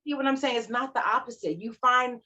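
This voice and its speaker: A woman in her forties, a life coach, talking about her life as a podcast guest, animated and emphatic. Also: on the high side, fairly quick. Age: 40s. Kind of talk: casual interview chat. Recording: slightly dull lo-fi sound.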